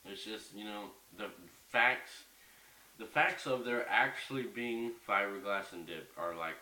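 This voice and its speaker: A man's voice: lowish voice, a little slow. A young man ranting in a casual home vlog, heated and profane, rambling as he goes. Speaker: vlogger. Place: bedroom at home. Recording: echoey room, mic at a distance, faint hiss.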